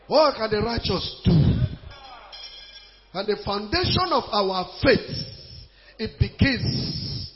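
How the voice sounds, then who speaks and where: A man preaching a sermon as an evangelist, shouting and chanting in a sing-song way. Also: high voice, expressive, slow. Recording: dull lo-fi recording.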